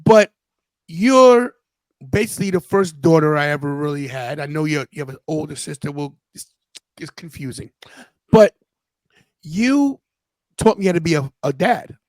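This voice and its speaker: A man's voice: on the high side, lively intonation, moderate pace, pauses often, a little mellow, no echo, low-quality recording. A man in his fifties hosting a podcast, telling a personal story in an earnest, casual way and often restarting his sentences. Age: 50s. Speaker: podcast host.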